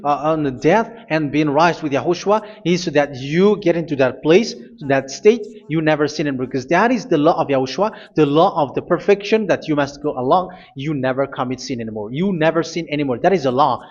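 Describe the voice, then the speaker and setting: Guy preaching, kinda high voice, stops and repeats himself, dull lo-fi sound. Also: expressive, darkish tone. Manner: halting, repeats phrases, reads scripture aloud. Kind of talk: sermon.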